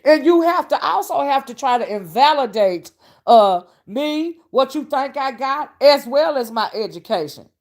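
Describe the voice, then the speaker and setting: A woman's voice: high voice, lively intonation, normal speed. A woman hosting a casual live-stream commentary, sassy and mocking as she rants and greets her chat. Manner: greets chat viewers mid-rant. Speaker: online commentary host.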